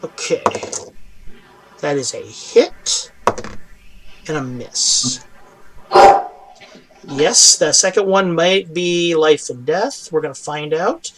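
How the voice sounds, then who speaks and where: A male game master with a high-pitched voice narrates a fantasy battle, rolling through the action in a halting way. He pauses often with ums and uhs as he describes each hit and miss. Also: animated, a bit bright, slight background noise. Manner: halting, with many fillers.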